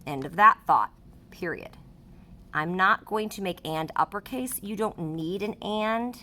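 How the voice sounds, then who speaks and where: A woman's voice: mid-range voice, animated, a little slow, pushed and bright, a little hiss or hum. A woman teaching a writing lesson to third graders, reading her example sentences aloud as she explains punctuation.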